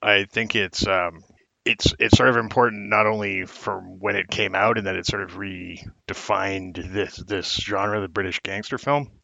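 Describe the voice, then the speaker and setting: Gravelly, bright-toned male podcast guest. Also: lowish voice, steady tone, unhurried, muffled recording, slight background noise. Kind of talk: casual film discussion.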